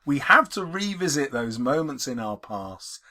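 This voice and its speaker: A male English teacher giving a literature lesson, explaining in an emphatic, expressive way. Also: medium pitch, measured pace.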